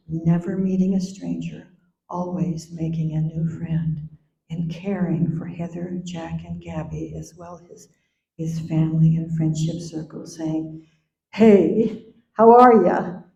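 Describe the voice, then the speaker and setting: Slow, gentle older woman at a memorial. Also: deep voice, flat delivery, gravelly. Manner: slow, gentle and tender, sometimes singing softly. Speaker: mother giving a eulogy. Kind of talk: memorial speech. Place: memorial gathering hall. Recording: echoey hall, dull sound.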